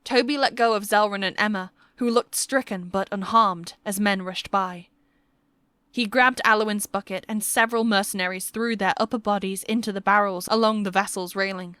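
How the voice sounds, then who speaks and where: A woman narrating a historical fantasy romance audiobook with steady, measured storytelling. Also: medium pitch, clean tone, no echo.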